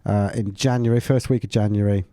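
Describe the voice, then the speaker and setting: A man's voice: lowish voice, fairly even intonation, brisk, mellow, no echo. A man, hosting a golf podcast in easygoing, casual chat. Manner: easygoing, sets up topics. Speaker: podcast host.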